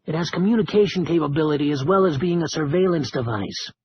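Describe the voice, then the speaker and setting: A man's voice: fairly high pitch, fast talker, muffled recording, a little hiss or hum, lightly acted. A man voicing an earnest, fussy male tech geek who speaks in a matter-of-fact way.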